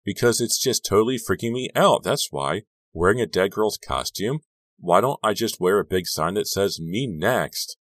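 A man's voice: deep voice, lively intonation, normal speed, no room sound, voice pushed up. A man voicing a frightened teenage girl who talks anxiously and urgently about danger. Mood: fearful. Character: frightened teenage girl actress, nun costume.

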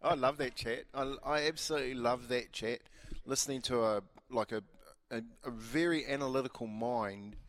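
Enthusiastic New co-host. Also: male voice, medium pitch, steady tone, normal speed, fairly bright tone, a little hiss or hum. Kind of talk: casual sports chat.

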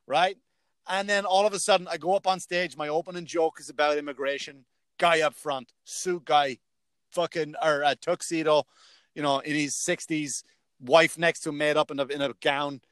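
A man's voice: on the high side, steady tone, moderate pace, a bit bright, clean tone, no echo. A male stand-up comedian in casual chat, telling stories from his gigs, swearing freely and acting out what others said. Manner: storytelling, swears freely, acts out other people's lines.

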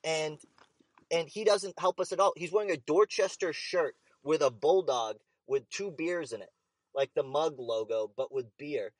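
A young man telling an animated, profane story in casual chat. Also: on the high side, normal speed, dry recording.

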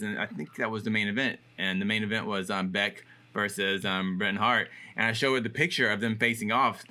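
A man's voice: lowish voice, a little fast, few pauses, pushed and bright. A man co-hosting a fight podcast, telling stories in a chatty, rambling way with many fillers. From Los Angeles area. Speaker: podcast co-host. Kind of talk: casual chat.

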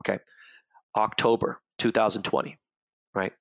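A young man hosting a podcast, telling stories in a fast, profane rant and acting out the people he quotes. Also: lowish voice, level tone, gravelly, no room sound. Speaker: podcast host.

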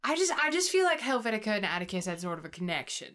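A woman's voice: mid-range voice, very animated, very fast, fairly bright tone. A woman playing a tabletop game, chatting casually in a rambling, filler-heavy way. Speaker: player.

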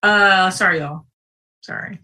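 A woman hosting a live show in casual livestream talk, animated and digressive, with sudden outbursts. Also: lowish voice, measured pace, recorded from a distance, low-quality recording.

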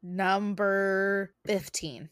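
A woman's voice: medium pitch, fairly even intonation, very slow, clean tone. A woman chatting casually and reading short horror stories aloud, giggling and tripping over her words.

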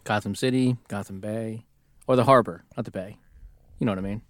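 A man's voice: fairly low pitch, steady tone, a little fast, no echo. Brief: playful male co-host, casual banter, lots of laughs, dry close sound. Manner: joking, laughs often, playful wordplay. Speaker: podcast co-host. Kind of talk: casual chat.

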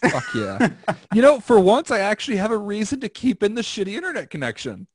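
A man's voice: sits high, wildly swooping pitch, fairly quick, husky, dry recording. A young man hosting a casual podcast over a remote call, joking and rambling with crude humor. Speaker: podcast host.

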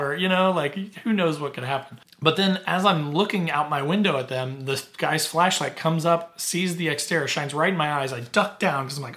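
Middle-aged male podcast host, loose chatty storyteller, bright and forceful tone, pitch a touch high. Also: fairly quick, few pauses. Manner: chatty, filler-heavy, laughs easily. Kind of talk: casual storytelling.

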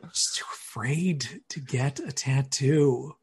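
A man's voice: medium pitch, slow pace, husky. A man chatting casually as a podcast guest, easygoing and self-deprecating, laughing often. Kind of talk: casual chat.

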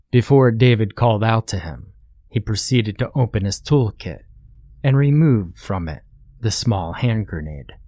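Guy reading a creepy story, low voice, dry close sound, calm and matter-of-fact. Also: no room sound. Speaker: narrator. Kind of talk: scripted horror narration.

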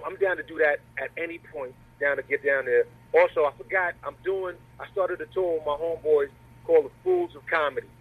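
A man with a husky, slightly high voice jokes in a relaxed, slangy way as a guest on an interview. He comes through a remote call, and the audio is thin and tinny, like a phone line. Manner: laid-back, joking, slangy. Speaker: comedian guest. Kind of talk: casual interview over a call.

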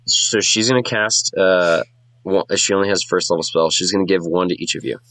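Deep voiced guy game mastering, casual, dry sound. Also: a bit bright, dry recording, rough recording. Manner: casual, quick, lots of fillers. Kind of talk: running a tabletop game.

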